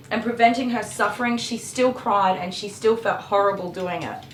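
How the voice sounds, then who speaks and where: A woman with a slightly high voice speaks at a normal pace in a steady tone. She's a dog groomer chatting casually on a live stream while she works, growing passionate and ranting with some mild swearing. Clippers buzz in an echoey room.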